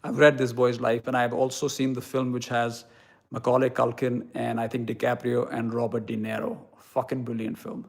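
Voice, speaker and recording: In a gravelly, monotone, medium-pitched voice at a moderate pace, a young Indian English-accented man fields viewer questions during a relaxed live stream. His replies are blunt and irreverent, sprinkled with offhand cursing.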